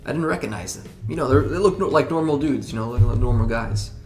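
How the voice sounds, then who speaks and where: A man from a rock band gives a relaxed interview, drifting between thoughts with frequent restarts and fillers. His mid-pitched voice is expressive and a little fast, heard in a roomy setting with music playing.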